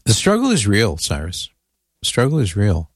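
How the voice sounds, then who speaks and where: Chatty male radio host, low voice. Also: huge pitch swings, moderate pace, breathy edge, no room sound, studio quality. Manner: chatty, amused, reads listener emails aloud. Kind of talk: casual radio talk.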